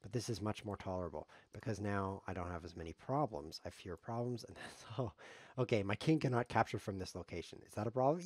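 A man's voice: low voice, fast talker, no room sound, clean studio sound. A man streaming live chess, commenting on his games in a sarcastic, joking way as he plays. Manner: sarcastic, joking, talks to himself while playing.

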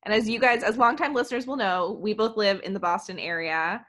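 A young woman co-hosting a podcast, chatting casually and agreeably with quick asides. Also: mid-range voice, fairly bright tone. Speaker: podcast co-host.

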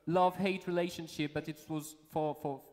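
A man's voice: fairly high pitch, steady tone, darkish tone. Rambling French-accented man in a reverberant room. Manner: rambling, halting, repeats words, laughs often. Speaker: show host. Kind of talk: casual live show chat.

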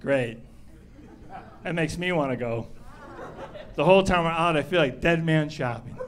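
A middle-aged man doing stand-up comedy on a club stage, animated and acting out the people in his stories. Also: a little high, normal speed. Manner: animated, acts out characters.

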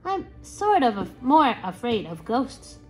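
Brief: woman playing a small stubborn princess girl, bright and bouncy, high and lively storybook voice. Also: a little slow, faint music behind, low-quality recording. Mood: hesitant.

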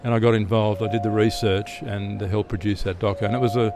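A man's voice: fairly low pitch, level tone, brisk, noisy background. A middle-aged Australian man, an interview guest telling stories in a chatty way, often restarting and repeating words. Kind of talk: relaxed storytelling answers.

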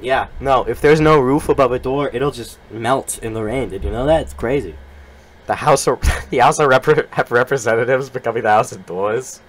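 A male streamer improvising a mock sales pitch, riffing quickly and laughing through it.

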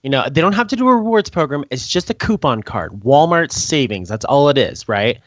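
A man co-hosts a casual podcast, telling work stories with a lively, swooping pitch. He acts out the people in his stories in high, squeaky voices. The recording sounds dull and lo-fi, with a dry, close sound and no room echo. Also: a little fast. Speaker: podcast co-host.

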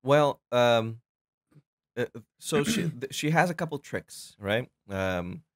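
A man, a filmmaker guest on a podcast, telling an animated story full of fillers and restarts and acting out the people he quotes. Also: medium pitch, slow, no echo, clean studio sound. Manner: acts out quoted voices. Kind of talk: casual podcast chat.

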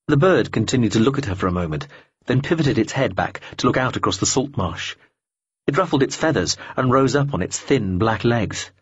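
A man narrating an audiobook in a measured, even reading, in a dull lo-fi recording. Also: medium pitch, breathy edge, no echo.

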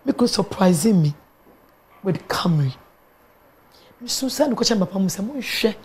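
This guest pastor is a middle-aged woman with a Ghanaian accent who recounts her own testimony in a lively, story-driven way, mixing Twi into her English. She speaks at a moderate pace with a medium-pitched voice.

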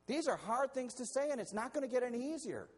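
A male pastor preaching a sermon in an animated, conversational way, often restarting his sentences. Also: very high voice, fast.

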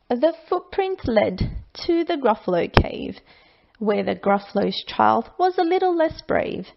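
A woman reading a rhyming children's bedtime story aloud in a slow, lilting, expressive way. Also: a little high, vocal fry, dull audio, slight background noise.

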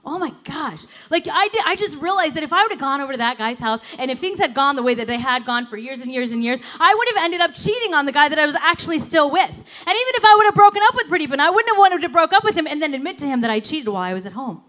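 Woman pastor, high voice, animated sermon, chatty storytelling, casual fillers. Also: quick pace, few pauses. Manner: animated, conversational, lots of "like" and "you know".

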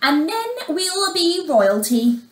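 A woman voicing a proud, bossy stepmother with a sharp, scolding manner. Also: very high-pitched, very animated, takes it slowly, roomy sound, pitched above the performer's own voice, full character voice.

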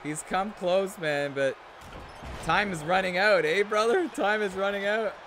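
A high-pitched man streams live and calls a wrestling video game with loud excitement, yelling at big moves and chuckling to himself between viewer shout-outs. A faint hiss of background noise sits under his voice. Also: unhurried.

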